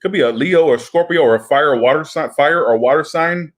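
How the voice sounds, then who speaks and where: A man's voice: a little high, fairly quick. A man giving a casual tarot reading, chatty and rambling, with frequent swearing and asides. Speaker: tarot reader.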